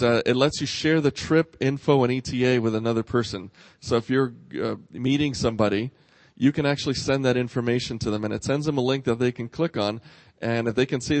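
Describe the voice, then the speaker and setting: A man speaks earnestly and haltingly as a conference presenter. His voice sits at a mid pitch and the sound is dry. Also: fairly even intonation, no echo. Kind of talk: recommending a service at a conference.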